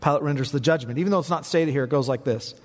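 A man preaching a sermon as pastor, building to emphatic peaks and dropping low for quiet points. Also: racing. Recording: long reverb in a large hall.

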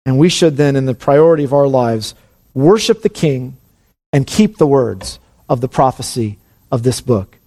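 A pastor preaching an earnest sermon, his voice climbing high on emphatic calls. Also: animated, normal speed, dark tone.

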